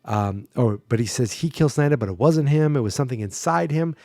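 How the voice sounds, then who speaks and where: A man's voice: mid-range voice, animated, fairly quick, darkish tone, dry recording. A man hosting a podcast, casually recapping a movie plot with sarcastic asides. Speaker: podcast host.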